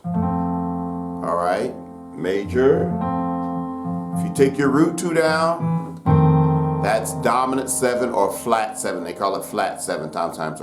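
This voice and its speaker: A man teaching gospel piano in a relaxed, folksy way, with many fillers and loud piano under his talk. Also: lowish voice. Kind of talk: casual piano lesson. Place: room with piano. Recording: roomy echo over loud piano.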